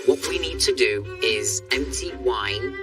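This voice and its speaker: A contestant calmly explains what needs doing in plain, matter-of-fact terms. The voice is caught from a distance, with music clearly audible underneath. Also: mid-range voice, slow. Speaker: reality competition contestant. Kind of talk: casual on-the-spot commentary.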